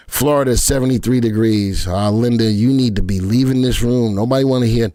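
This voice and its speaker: A man's voice: medium pitch, fairly quick, few pauses, darkish tone, no room sound, studio quality. A man hosting a live stream, chatting with viewers in a playful way and often stammering and repeating himself. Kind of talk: casual live market chat.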